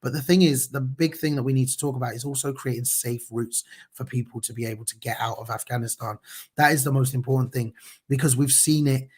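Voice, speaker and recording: A man's voice: mid-range voice, fairly even intonation, brisk, darkish tone, breathy edge. A man hosts a casual news commentary, talking passionately and conversationally with many fillers and restarts. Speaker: news show host.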